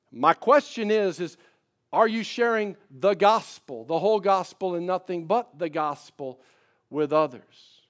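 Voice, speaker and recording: A middle-aged male pastor preaching a sermon, swinging between loud emphatic declarations and soft, quiet personal asides. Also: high voice.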